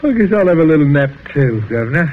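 An actor playing an easygoing young son in an old radio drama, breezy and offhand. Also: male voice, fairly high pitch, sing-song, fast talker, a little hiss or hum. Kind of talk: 1940s radio acting. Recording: tinny old radio broadcast.

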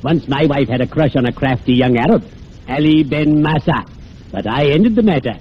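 An actor playing a morbid undertaker friend who speaks slowly and makes grave puns, in 1940s radio comedy style. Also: male voice, a little high, lively intonation, natural voice. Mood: sepulchral. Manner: slow, sepulchral and punning. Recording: muffled old radio broadcast with faint hiss.

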